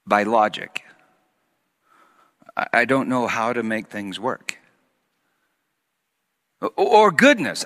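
A man preaching a sermon, swinging from loud emphatic peaks down to hushed, almost whispered lines. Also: high voice, long reverb tail.

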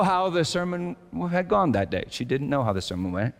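A male pastor preaching a reflective sermon, slowing down to stress his key lines. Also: fairly high pitch, very animated, vocal fry. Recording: long hall reverb.

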